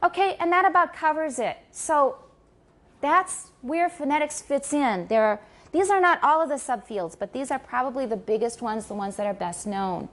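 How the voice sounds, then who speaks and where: A woman's voice: sits high, animated, moderate pace. A woman lecturing on linguistics in a classroom, stopping to correct and model pronunciation for her students. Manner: corrects and models pronunciation, switches into Mandarin for glosses.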